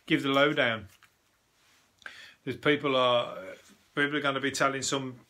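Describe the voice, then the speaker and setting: A man's voice: mid-range voice, bright, forceful tone. A man, a comedian hosting a news review, rambling in casual monologue with frequent restarts and swearing.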